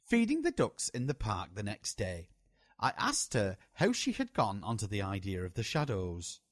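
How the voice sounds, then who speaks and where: Man, memoir reading, very animated melody, dry sound. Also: fairly low pitch, dry recording. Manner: slow, lively storytelling delivery. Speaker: audiobook reader.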